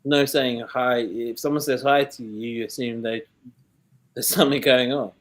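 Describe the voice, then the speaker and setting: A man's voice: medium pitch, steady tone, normal speed. A man with a London accent, talking in a casual conversation, blunt and rambling, with many false starts. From London, England.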